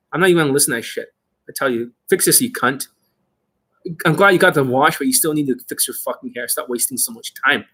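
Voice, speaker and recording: A man's voice: mid-range voice, a bit bright. A man hosting an unscripted coaching Q&A, talking in a blunt, aggressive and profane way. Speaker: dating coach host.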